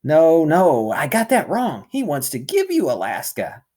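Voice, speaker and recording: Man as a sly smooth-talking tempter, wheedling salesman patter, storybook read-aloud. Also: mid-range voice, very animated, normal speed.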